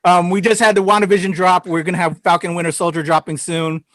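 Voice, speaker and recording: Chatty male podcast host on a video call, high voice, loose delivery. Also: level tone, quick pace, fairly bright tone, no echo, studio quality. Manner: laughs often, loose and chatty with many fillers. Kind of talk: casual review chat.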